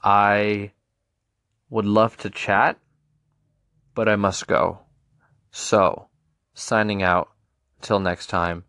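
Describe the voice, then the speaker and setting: A man's voice: lowish voice, flat delivery, extremely slow, pauses often, fairly bright tone, clear, resonant tone, dry recording. A young man in his twenties closes out his solo podcast, taking his time and wandering from thought to thought. He sounds playful and sincere, in a close, dry voice. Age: 20s. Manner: playful, rambling, earnest. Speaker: podcast host. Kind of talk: casual solo podcast monologue.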